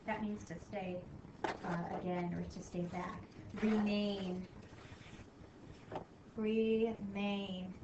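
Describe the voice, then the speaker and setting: A woman teacher giving a spelling lesson to children, upbeat, sounding words out slowly. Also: on the high side. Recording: echoey room from a distance, faint noise.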